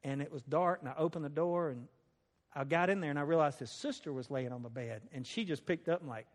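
Man, slightly high voice, folksy storytelling testimony, conversational, long echoing hall reverb. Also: a little fast. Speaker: speaker sharing a personal testimony.

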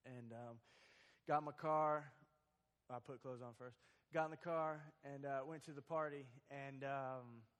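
A man's voice: mid-range voice, steady tone, unhurried, in a large hall. A young man giving a personal testimony in a church, talking casually with many ums and restarts. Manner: conversational, with many ums and restarts, acting out quoted lines. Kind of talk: storytelling testimony to a church audience. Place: church hall.

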